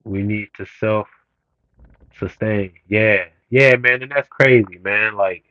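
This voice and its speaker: A man's voice: lowish voice, slow, no echo, dull audio. Profane man ranting on a livestream. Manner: profane, blunt, heated rant with rising emphasis. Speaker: streamer reading comments. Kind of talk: casual livestream rant.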